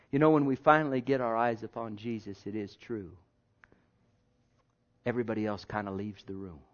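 A male pastor preaching a sermon in a conversational way, repeating himself and jumping from hushed asides to loud bursts. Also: fairly low pitch, fairly even intonation, measured pace, long pauses. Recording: dull lo-fi sermon recording.

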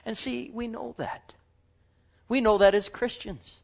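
A man preaching a sermon with fervor, dropping to hushed murmurs and rising to loud exclamations, full of rhetorical questions. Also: very high-pitched, steady tone, unhurried, gravelly. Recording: dull lo-fi recording.

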